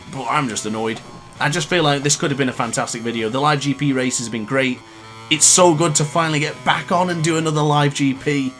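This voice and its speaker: A man's voice: a little high, fairly bright tone. A man in his late twenties commentating his own racing game live, ranting in frustration between exasperated laughs. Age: 20s. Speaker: gaming YouTuber.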